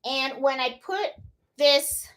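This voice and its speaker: A woman with a Puerto Rican accent talks viewers through a hands-on crafting demo, her voice sitting a little high. She is chatty and informal, pausing with "hold on" and checking in with "okay?" as she works, and she laughs easily at her own slips. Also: sharp tone. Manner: laughs at her own fumbles while working. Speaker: crafting channel host. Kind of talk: casual live tutorial demo.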